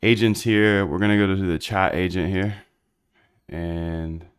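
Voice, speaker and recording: This is a man with a very low voice, loose and slangy as he works through code on a live stream. He mutters to himself and tosses asides at his chat in an easygoing, rambling way. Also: fairly even intonation, unhurried, smooth. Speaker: livestreaming programmer.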